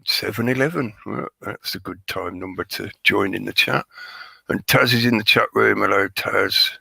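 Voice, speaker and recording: A man hosting a live stream, his voice hoarse and crackly as he chats and jokes with viewers by name. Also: fairly low pitch, normal speed, pushed and bright, no echo. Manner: chatty, joking, greets viewers by name. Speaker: livestream host. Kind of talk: rambling live-stream chat.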